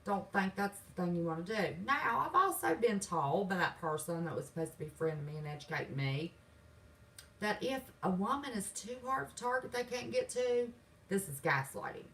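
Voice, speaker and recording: A woman's voice: medium pitch, lively intonation, moderate pace, distant mic, a little hiss or hum, poor audio. A woman with a Southern accent from West Virginia, hosting a livestream from her home, talking in a sassy, defiant, folksy way while reading chat. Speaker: channel host. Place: home, indoors.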